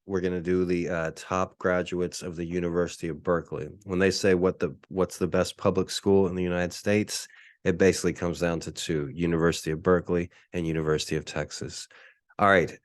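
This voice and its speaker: A man hosting his own solo podcast, talking casually and deadpan, with lots of ums and uhs. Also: deep voice, no room sound. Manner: relaxed, filler-heavy, deadpan. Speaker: podcast host.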